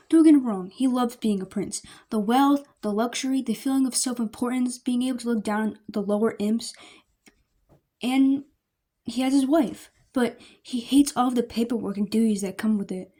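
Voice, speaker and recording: Amateur fan-fiction reader, woman, mellow voice, a bit high. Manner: plain, unpolished reading with small slips. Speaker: story reader. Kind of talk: reading fan fiction aloud.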